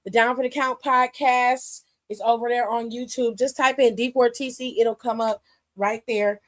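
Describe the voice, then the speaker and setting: High-voiced, blunt woman host. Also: steady tone, normal speed, fairly bright tone. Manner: blunt, profane, opinionated. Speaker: wrestling show host. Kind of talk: casual aftershow commentary.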